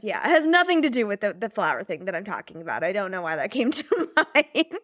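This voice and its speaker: A woman's voice: on the high side, big pitch swings, brisk, a bit bright, no room sound. Bubbly young woman, dry close mic. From United States. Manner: bubbly, rambling, lots of fillers and laughs. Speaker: podcast host and business mentor. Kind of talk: casual chat.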